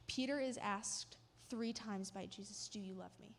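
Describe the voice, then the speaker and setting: A woman's voice: mid-range voice, normal speed, gravelly, few pauses. A woman giving a sermon, retelling a story vividly with emotional emphasis. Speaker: church speaker. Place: church. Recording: long hall reverb.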